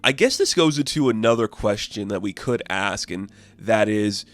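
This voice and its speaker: Man, lowish voice, casual comic review, rambling and amused, faint music underneath. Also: animated, normal speed, fairly bright tone, dry recording. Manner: rambling, filler-heavy, amused.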